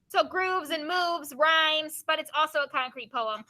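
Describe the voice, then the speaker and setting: A woman's voice: sits high, measured pace, few pauses, pushed and bright. A woman teacher reading a book of poems aloud to her class, stopping to ask students questions and explain.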